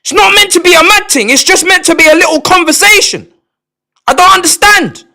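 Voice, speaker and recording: A man, chatting live on stream to his viewers, excitable, repeating and stumbling over words, sometimes shouting. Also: fairly quick, vocal fry. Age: 20s. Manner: shouts in bursts, then drops to low mutters. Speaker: livestreamer.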